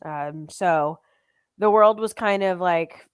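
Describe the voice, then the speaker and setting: A woman's voice: lowish voice, slow pace, clean tone, no echo. Woman in her thirties, dry and close. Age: 30s. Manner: earnest, reassuring, addresses chat. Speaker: podcast co-host. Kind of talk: casual podcast chat.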